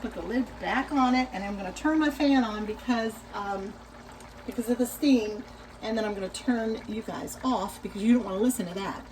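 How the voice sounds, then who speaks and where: A woman in her sixties hosting a casual cooking demonstration in her home kitchen, chatting directly to viewers and giving gentle cautions. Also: mid-range voice, moderate pace, noisy background. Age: 60s. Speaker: cooking show host.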